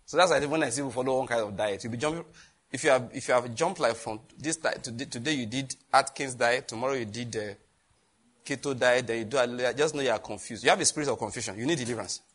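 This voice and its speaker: A man preaching a sermon, lively, with laughter and questions thrown to the congregation. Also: mid-range voice, fast talker, slightly rough. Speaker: pastor.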